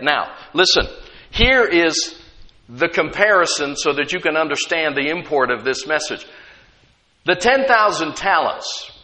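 A middle-aged man preaches a sermon. He reads scripture dramatically and breaks off to explain it to the congregation. His voice is bright and rings out, and a long hall reverb trails each phrase. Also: a little high.

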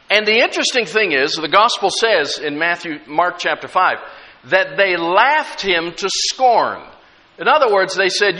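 Lively, bright-voiced preacher man. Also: high voice, normal speed. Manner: emphatic, conversational, with humorous asides. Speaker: pastor. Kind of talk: sermon. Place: church sanctuary. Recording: echoey church hall.

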